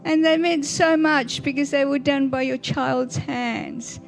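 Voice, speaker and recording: Older woman, preacher, chatty sermon, higher pitch, faint music under. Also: steady tone, measured pace, creaky. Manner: warm, chatty, asks the audience questions.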